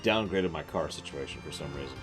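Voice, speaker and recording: A man's voice: extremely low pitch, expressive, a little fast. A man giving casual gameplay commentary on a stream, with wry, joking asides. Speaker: game streamer. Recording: game music underneath.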